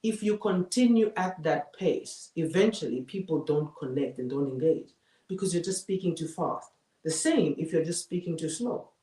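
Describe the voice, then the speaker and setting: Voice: mid-range voice, lively intonation, moderate pace, mellow. Speaking coach, live masterclass lecture, emphatic, repeats key phrases, roomy echo, distant mic.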